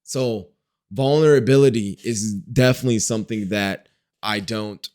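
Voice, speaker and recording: A man's voice: on the low side, normal speed, darkish tone. A young man from Wisconsin talking casually to his camera in a diary-style vlog, rambling in slang and filling his talk with "like" and "you know". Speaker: vlogger.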